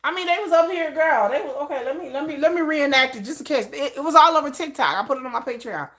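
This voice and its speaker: A woman vlogger chatting casually about pop music in a slangy, animated way, full of asides. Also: high voice, quick pace.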